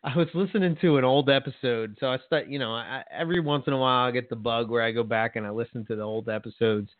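A man co-hosting a podcast in casual, rambling chat, full of fillers and quick laughs. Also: medium pitch, no room sound. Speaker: podcast co-host. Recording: tinny phone-like sound, dry.

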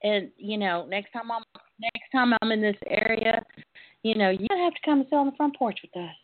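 A woman's voice: fairly high pitch, moderate pace, no echo. Flirty, playful woman host over a phone line. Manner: flirty, playful, lots of laughter. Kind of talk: casual call-in chat. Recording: dry tinny phone line.

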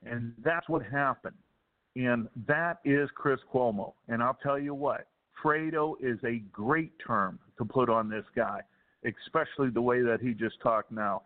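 Ranting male caller on a phone line. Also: mid-range voice. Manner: heated, fast ranting with laughs. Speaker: caller guest. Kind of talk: political talk radio.

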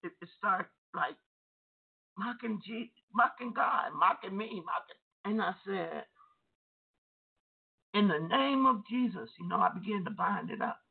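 Woman deliverance minister, steady middle pitch, plain testimony style, lo-fi line. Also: moderate pace, gravelly, husky. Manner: conversational, repetitive, addresses listeners directly. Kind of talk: testimony sermon. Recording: tinny phone-like audio.

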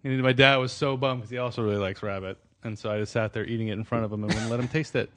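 A man's voice: lowish voice, fairly even intonation, quick pace, a bit bright. Chatty male podcast co-host. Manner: storytelling, chatty with hesitations. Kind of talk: casual chat.

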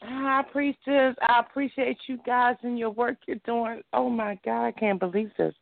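Brief: excited, tearful woman caller from Baltimore; fairly high voice over a dry phone line. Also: normal speed, creaky, no echo. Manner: overwhelmed and excited, rambling. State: emotional, near tears. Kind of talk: call-in conversation.

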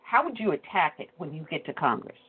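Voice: mid-range voice, big pitch swings, brisk, background noise. A host asking a candidate structured questions in a phone-in interview. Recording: phone line.

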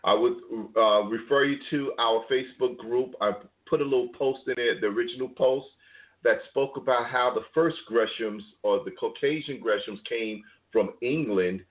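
A man's voice: mid-range voice, moderate pace. A man from New York hosting a phone-in family call, emphatic and given to repeating his words. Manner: emphatic, repeats phrases for warmth. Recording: tinny phone-line audio.

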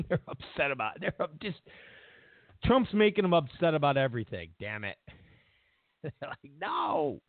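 A man's voice: fairly high pitch, very animated, normal speed, pauses often, no room sound. A man hosting a political talk show, speaking casually and sarcastically, repeating himself and chuckling as he mocks his opponents. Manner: sarcastic, mocking, repeats phrases, chuckles often. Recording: tinny phone-like audio.

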